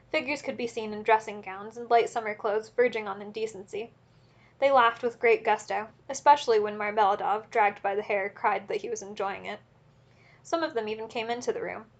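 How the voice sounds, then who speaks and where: A woman narrating a classic novel as an audiobook in a steady, measured reading. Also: a little high, lo-fi sound.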